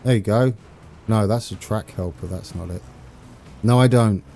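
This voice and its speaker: A man's voice: on the low side, normal speed, creaky, mellow, slight background noise. A man from the UK chatting casually with viewers on a live stream while playing a train game, rambling and chuckling as he reads chat. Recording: faint game music behind.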